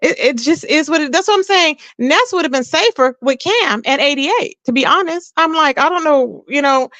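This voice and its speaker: A woman with a high, bright-sounding voice tells gossip in a lively, casual way, acting out other people's lines as she goes. The sound is close and dry, with almost no room echo. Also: moderate pace. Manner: animated storytelling, quotes people in raised voice, laughs often. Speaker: co-host.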